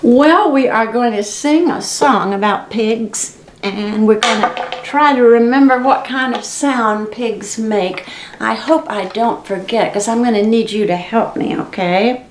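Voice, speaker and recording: A woman's voice: a little high, a little slow, reverberant, slight background noise. A woman reading picture books and singing animal songs for preschoolers at a library story time, playful and sing-song. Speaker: children's librarian. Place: library room.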